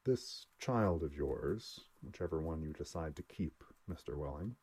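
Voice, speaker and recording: A man reading aloud and voicing a self-assured elderly doctor who talks in a measured, lecturing way. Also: very deep voice, animated, mellow, breathy edge, exaggerated voice. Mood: soft.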